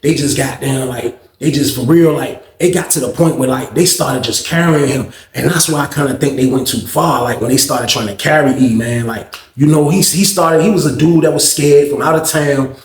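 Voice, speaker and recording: A man's voice: medium pitch, moderate pace, hardly any pauses, reverberant. A man telling a storytime tale as a channel host, in loose, slang-heavy talk full of fillers. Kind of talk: casual storytime.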